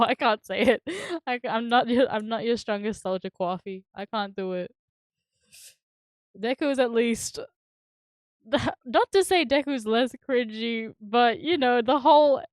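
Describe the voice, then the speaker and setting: A woman's voice: on the high side, a little mellow, dry recording, clean studio sound. A woman streamer chatting casually and giggling while she builds, swearing now and then and filling her talk with fillers.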